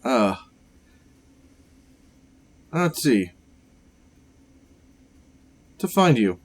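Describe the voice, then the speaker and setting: A man hosting a let's play, reading game text aloud and thinking out loud over choices. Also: mid-range voice, big pitch swings, slow pace, long pauses, slightly rough. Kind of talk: casual game commentary and reading.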